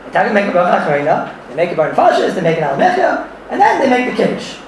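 A man leads a lively Torah class for an audience, his voice pitched fairly high and full of laughter as he mixes Yiddish and Hebrew terms into his English. He is recorded from a distance in a very echoey room, with a faint hiss underneath. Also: very fast. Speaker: Torah teacher. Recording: echoey room, far from the mic.

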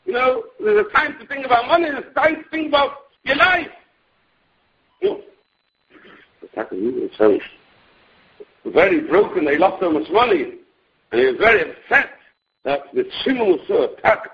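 A man preaching a story with animated delivery and frequent restarts, in a dull lo-fi recording. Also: normal speed, pauses often, a little hiss or hum. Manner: animated, sweeping pitch, restarts. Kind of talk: storytelling sermon.

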